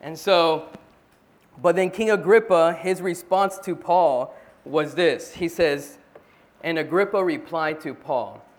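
A man's voice: on the high side, slow pace. A man at a church meeting, earnestly retelling a Bible story in a casual sharing style, often restarting his sentences.

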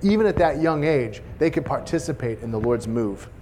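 A middle-aged man telling a lively testimony at a church meeting, laughing at his own jokes as he goes. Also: medium pitch, normal speed, a little hiss or hum. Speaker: church speaker sharing testimony. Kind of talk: sermon-style testimony.

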